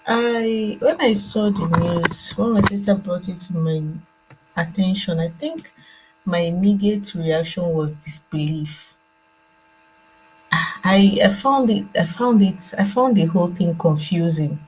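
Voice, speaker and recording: A woman's voice: fairly low pitch, unhurried, darkish tone, soft background music, low-quality recording. A Nigerian woman speaking earnestly on a video call from home at night, repeating herself as she works through her thoughts, with a laptop fan running. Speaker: guest joining by video call. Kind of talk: call-in discussion.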